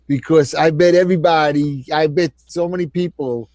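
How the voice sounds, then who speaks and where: A man co-hosting a heated political chat, talking in an animated, mocking, ranting way. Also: a little high, normal speed, few pauses. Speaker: co-host.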